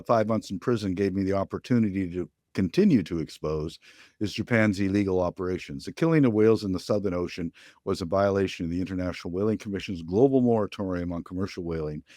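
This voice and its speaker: A man's voice: low-pitched, dark tone, dry recording, studio quality. An older man answering interview questions as a guest, firm and plain-spoken. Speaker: guest, ocean activist.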